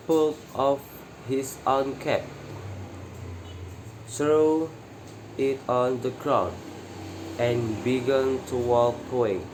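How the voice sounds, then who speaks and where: A male student reads a children's story aloud in a halting, careful way, stopping to correct himself. His pace is very slow. A steady air-conditioner hum sits behind the voice. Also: mid-range voice. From Indonesia.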